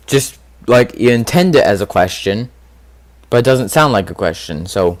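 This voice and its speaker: Male gaming video host, mid-pitched, casual and rambling, thinks aloud with fillers. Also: a little fast, no echo. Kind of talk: casual commentary on a quiz game.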